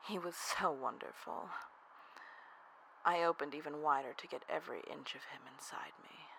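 A narrator telling a first-person erotic audio story in a soft, half-whispered, breathy delivery. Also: medium pitch, a little hiss or hum, low-quality recording.

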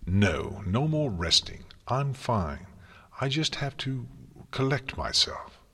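A man's voice: medium pitch, big pitch swings, slow pace, sharp tone, husky, pitched above the performer's own voice, exaggerated voice. A man voicing an exhausted, irritable female pony princess who talks in curt, weary phrases. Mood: irritated. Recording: long hall reverb.

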